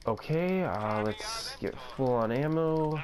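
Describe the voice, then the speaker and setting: A man's voice: on the high side, expressive, slow, crowd noise. A young man giving casual commentary over his own gameplay, rambling to himself and easily amazed. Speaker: gaming video creator.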